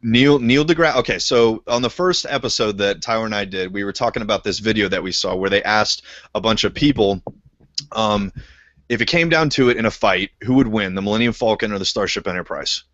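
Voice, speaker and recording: Low-voiced laid-back podcast host. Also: male voice, a little fast, fairly bright tone, no room sound. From Canada. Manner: laid-back, laughing, swears a lot. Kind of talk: casual podcast chat. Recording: muffled, lo-fi podcast audio.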